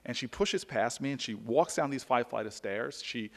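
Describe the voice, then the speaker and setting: A man's voice: mid-range voice, moderate pace, vocal fry, long reverb tail. A man giving an earnest personal storytelling speech, often restarting and repeating words. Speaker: public speaker.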